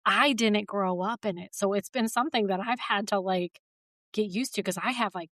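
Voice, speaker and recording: A woman's voice: mid-range voice, moderate pace, a bit bright, dry recording, clean studio sound. Chatty woman podcast host. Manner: chatty, laughs often, many likes. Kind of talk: casual conversation.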